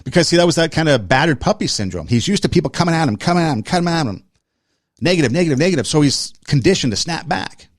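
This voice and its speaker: A man's voice: on the high side, expressive, fast talker, dry recording, clean studio sound. A man hosting a podcast, telling a personal story in casual talk, earnest and repeating phrases for emphasis. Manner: talks in short listing phrases. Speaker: podcast host.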